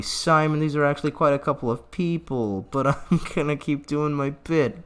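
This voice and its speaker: A man giving playful, sarcastic let's-play commentary on a strategy game, slipping into drawn-out mock grief and quick asides to his viewers. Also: a little high, smooth. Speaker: gaming channel host.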